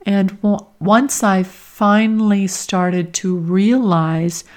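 Slow, earnest middle-aged woman coach. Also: mid-range voice, steady tone. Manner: slow, earnest and heartfelt, with emotional emphasis. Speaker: podcast host and career coach. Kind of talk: reflective personal monologue.

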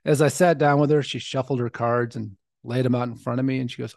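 A man's voice: mid-range voice, steady tone, brisk, vocal fry, hardly any pauses, a little mellow, no echo, clean studio sound. A man in his forties, hosting a podcast, telling his life story in an earnest, reflective way. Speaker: podcast host. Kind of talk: personal storytelling monologue.

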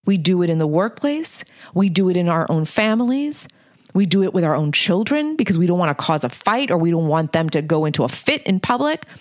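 Middle-aged woman host, lowish voice, frank casual monologue, dry close mic. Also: animated, fairly quick, no echo. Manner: blunt, candid, mildly profane. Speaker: podcast host and leadership coach.

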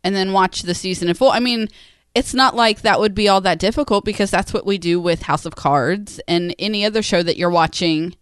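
A co-host talks in an easygoing, conversational way, often checking in with questions. The voice is smooth and clear, recorded close with no room sound. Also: medium pitch, fairly quick, a bit bright, no room sound. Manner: conversational, asks follow-up questions. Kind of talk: casual chat.

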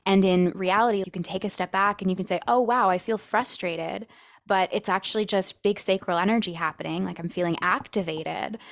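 A woman's voice: mid-range voice, fairly quick, vocal fry, dry recording. A woman hosting a podcast, talking reflectively in long flowing runs with many "like"s. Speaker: podcast host. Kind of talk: casual conversation.

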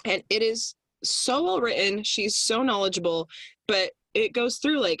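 A woman talking as a podcast guest, animated and laughing, acting out exaggerated inner voices. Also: medium pitch, moderate pace, dry recording. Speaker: guest speaker. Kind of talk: casual podcast chat.

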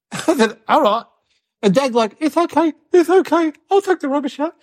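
Woman playing a little boy, cheeky, rambling, giggly, slightly high voice, comedy sketch. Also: lively intonation, moderate pace, a little mellow. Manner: rambling, giggly, mimics relatives in quotes. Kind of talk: improvised comedic storytelling.

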